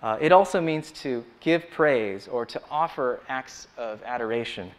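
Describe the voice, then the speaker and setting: A church elder giving a sermon, opening with a slow scripture reading, then talking in a relaxed way with many ums and uhs. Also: male voice, medium pitch. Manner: conversational, frequent ums and uhs.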